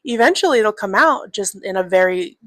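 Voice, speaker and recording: A woman's voice: medium pitch, lively intonation, brisk, a bit bright, no echo. A young woman in her twenties hosting a podcast, talking candidly in a loose, chatty monologue full of swearing and filler words. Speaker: podcast host. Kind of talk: casual personal monologue.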